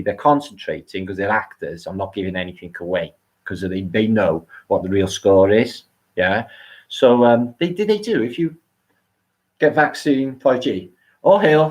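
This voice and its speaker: A middle-aged man with a British accent hosting a live stream, rambling and swearing casually as he reads out viewer comments. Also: moderate pace. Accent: British English. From England. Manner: rambling, profane, animated swings in pitch. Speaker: livestream host.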